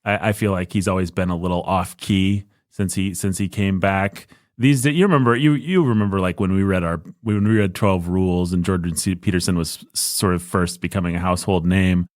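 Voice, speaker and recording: A low-voiced man talks through a relaxed podcast conversation, wandering through his points with jokes and restarts. The sound is close and dry, with no room sound. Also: brisk, few pauses, no echo. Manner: rambling, self-interrupting, jokey. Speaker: podcast co-host. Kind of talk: casual podcast chat.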